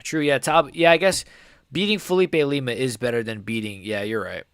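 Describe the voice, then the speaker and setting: A young man hosting a live fight reaction stream, rambling casually with lots of "like" and "bro" while his voice sometimes cracks high. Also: steady tone, fairly quick, smooth, no room sound, studio quality. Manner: rambling, filler-heavy, says "like" and "bro" often. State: voice cracking upward at times.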